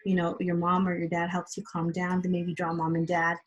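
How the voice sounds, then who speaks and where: A woman teacher giving a slow, patient, encouraging video lesson to small children, spelling out each step. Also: on the low side, completely flat delivery, highs cut off, slight background noise. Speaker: kindergarten teacher.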